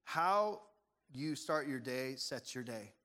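A man's voice: mid-range voice, expressive, slow pace, bright, forceful tone. A man pastor preaching a playful sermon to a congregation, quizzing the room with questions. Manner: playful, audience-engaging, asks the room questions. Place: church sanctuary with a congregation. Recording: long hall reverb.

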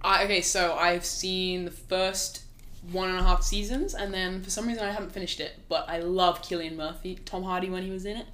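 A young woman from England with an English accent, a student-athlete chatting casually as a podcast guest, candid and quick to laugh. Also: lowish voice, fairly even intonation, a bit bright, slight background noise. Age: young adult. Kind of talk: casual chat.

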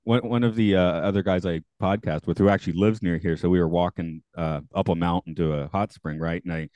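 Low-voiced man chatting with quick laughs. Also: fairly even intonation, darkish tone, dry recording. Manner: laughs often, rambling with restarts. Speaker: podcast host. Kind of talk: casual chat.

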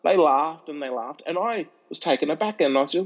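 A middle-aged Australian man, an educational speaker, telling stories in an interview, animated and restarting often. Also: on the high side, fairly quick, lo-fi sound. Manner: animated, repeats and restarts, acts out voices in anecdotes. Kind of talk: storytelling interview chat.

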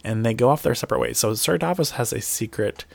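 A man's voice: mid-range voice, quick pace, gravelly, no room sound. A man recapping a TV episode in casual chat. He swears freely and talks animatedly. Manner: profane, animated, slips into mocking voices.

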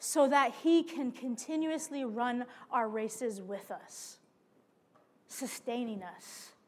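A woman preaching a sermon, weaving a lively personal story and calling out to her listeners as friends. Her voice sits high and bright in pitch. The sound carries a long reverb from a large hall. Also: slow. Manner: animated storytelling, addresses listeners as y'all and friends.

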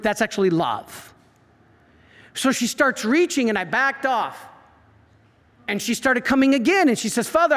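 A man, a priest giving an animated talk full of stories and acted-out quotes. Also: very high-pitched. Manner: animated storyteller, acts out quotes. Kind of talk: preaching talk. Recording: reverberant hall.

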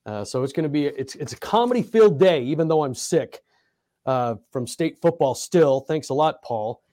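Middle-aged coach guy on a sports podcast, mellow voice, laid-back and laughing, dry close sound. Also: fairly high pitch, animated, normal speed, no room sound. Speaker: basketball coach and podcast co-host. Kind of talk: casual sports podcast chat.

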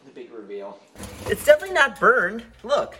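Man, home-kitchen baking host, reads the recipe aloud with a hesitant joking lilt, lively pitch. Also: normal speed, crowd noise. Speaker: host baking with his child. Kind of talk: casual home cooking chat.

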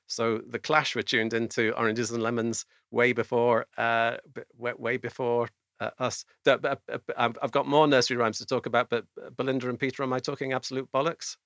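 Host, mid-pitched man, hesitant, stammers through casual chat, dry close mic. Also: little pitch movement, fairly quick, a bit bright, dry recording. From England.

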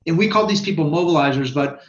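A man talking as a guest on a podcast, explaining sales findings in an animated way, with quick bursts and frequent restarts. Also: fairly high pitch. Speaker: guest expert on sales research. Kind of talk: casual podcast conversation. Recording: roomy, dull lo-fi sound.

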